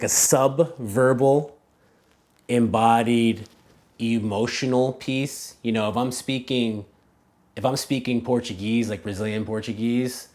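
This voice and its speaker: A man with a fairly low voice answers interview questions about learning languages. He talks in a loose, animated way, full of "like" and "you know," and often restarts a phrase as he works out his thoughts. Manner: casual, animated, many "like" and "you know" fillers; thinks aloud, restarts phrases. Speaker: language coach, interview guest.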